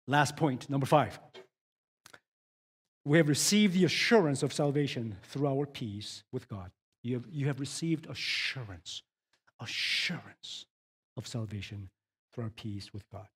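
Slow-paced man preaching a sermon. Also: medium pitch, expressive, husky. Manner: swings from hushed storytelling to rising emphatic questions. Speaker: pastor.

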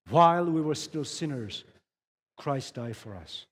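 A middle-aged male pastor preaching a sermon, moving from hushed storytelling to rising, emphatic questions. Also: fairly high pitch, animated, a little slow.

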